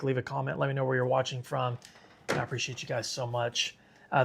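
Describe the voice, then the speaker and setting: Hosting a live severe weather stream, a man speaks with a medium pitch and vocal fry. He sounds tired and sick, chatting casually and reading viewers' comments out loud.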